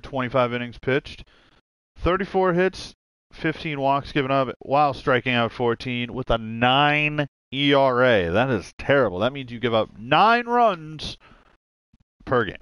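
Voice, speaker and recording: A man's voice: mid-range voice, fairly bright tone, clean tone, no echo. Profane, rambling male game streamer. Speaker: gaming streamer. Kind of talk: casual let's-play commentary.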